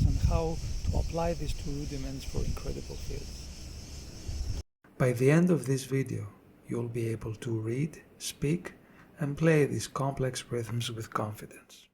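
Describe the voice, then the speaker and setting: Man, drum teacher, scripted tutorial narration, gravelly voice, measured and explanatory. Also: mid-range voice, slight background noise.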